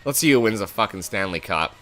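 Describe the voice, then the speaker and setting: Bright-voiced, foul-mouthed young gaming commentator. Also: male voice, lowish voice, lively intonation, fast, soft background music. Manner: swears often, swings from muttering to angry yelling. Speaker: gaming YouTuber. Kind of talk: game commentary.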